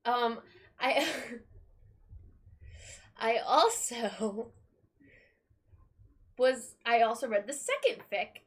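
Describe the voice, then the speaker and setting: A woman's voice: on the high side, animated, drawn-out words, long pauses, a bit bright. A young woman streamer in casual chat, rambling, swearing often and laughing between thoughts.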